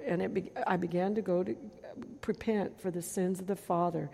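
A gravelly middle-aged woman preaching a testimony, animated and full of acted-out voices. Her voice rings with a long reverb, as if from a big hall. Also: lowish voice, a little fast. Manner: animated storytelling, acts out voices and gasps. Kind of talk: testimony sermon.

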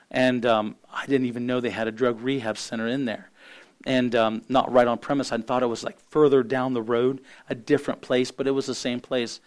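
A man preaching and telling a personal testimony, halting and repeating words as he speaks. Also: mid-range voice. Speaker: minister. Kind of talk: sermon testimony.

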